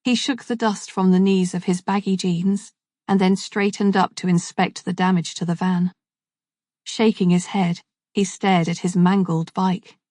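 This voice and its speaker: A woman with a lowish voice reading a crime story in an even, measured way. The recording is dry and close, with no room sound. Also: dry recording. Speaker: narrator. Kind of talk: scripted narration.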